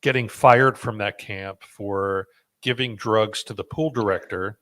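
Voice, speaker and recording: A lowish male voice in casual podcast conversation, full of ums and restarts as he tells a story. He laughs at himself along the way. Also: a little slow, fairly bright tone. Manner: rambling with fillers and restarts, self-deprecating laughs. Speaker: podcast host.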